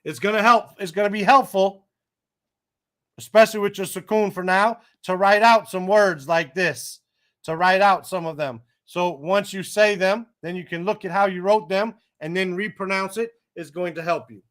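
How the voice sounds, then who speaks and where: A man's voice: high voice, fairly even intonation, fairly bright tone. A man teaching an Arabic reading lesson one-on-one in a patient, encouraging way. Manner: patient, encouraging, slow and careful.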